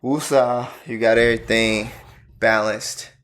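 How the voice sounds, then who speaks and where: A man's voice: medium pitch, little pitch movement, measured pace, a bit bright. A man co-hosting a casual podcast chat, who laughs hard and easily. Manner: laughs hard, breaks into tearful giggles. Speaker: podcast co-host.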